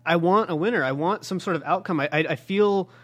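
A man's voice: high-pitched, fairly quick, a bit bright, muffled recording. An American man co-hosting a podcast, chatting with dry, teasing remarks. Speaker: podcast co-host. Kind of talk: casual chat.

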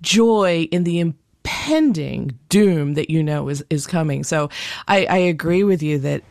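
A woman's voice: low voice, unhurried, vocal fry, a little mellow, no echo, studio quality. A woman in a casual podcast discussion who speaks articulately and piles up descriptive words. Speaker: podcast panelist.

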